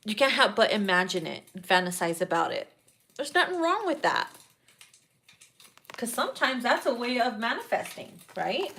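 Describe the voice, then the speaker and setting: Woman tarot reader, casual monologue, foul-mouthed and animated, slightly high voice. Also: normal speed, creaky, slight background noise. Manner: blunt, profane and animated, breaks into loud laughter.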